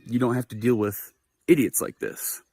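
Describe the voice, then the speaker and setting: A young man hosting a livestream, telling a personal story in a casual, animated way with lots of swearing and fillers. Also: mid-range voice, normal speed, no echo, studio quality. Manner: animated, profane, filler-heavy. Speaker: livestream host.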